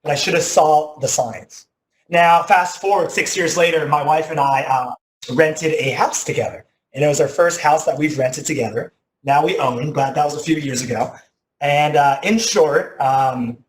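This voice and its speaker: Guy in his 30s doing a motivational talk, animated storyteller, slightly high voice, echoey room. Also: normal speed, slight background noise. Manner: animated storytelling, says "like" often, loud bursts at dramatic moments. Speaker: teacher giving a motivational talk.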